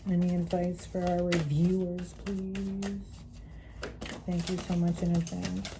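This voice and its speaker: A woman's voice: lowish voice, flat delivery, measured pace, vocal fry, noisy background. A woman giving an earnest spiritual tarot reading, repeating her phrases, checking in with "okay?", and sighing between thoughts. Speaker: tarot reader.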